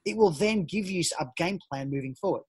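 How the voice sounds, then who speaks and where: Poor audio captures a high-pitched, husky man talking fast. As a podcast guest, this former Olympian turned judo coach, a parent at home, tells casual, lively stories full of restarts.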